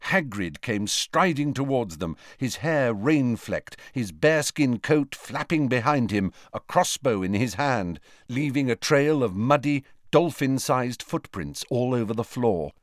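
A man reading a novel aloud as narrator, with expressive, varied delivery. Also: mid-range voice, unhurried, hardly any pauses, no room sound, studio quality. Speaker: audiobook narrator. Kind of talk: scripted narration.

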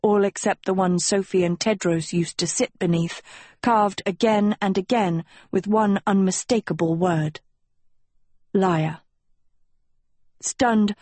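A woman reads a fantasy audiobook in a slow, measured storytelling manner. Her voice has a husky texture at a middle pitch. The recording is close and dry. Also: a little mellow, no echo. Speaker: audiobook narrator. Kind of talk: scripted narration.

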